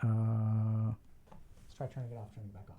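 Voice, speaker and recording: A man's voice: lowish voice, flat delivery, moderate pace, phone-quality sound, a little hiss or hum. A middle-aged man hosting a livestream, lecturing his chat in a casual, emphatic way and repeating phrases for stress. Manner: informal, talks to chat directly. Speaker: streamer host discussing mental health.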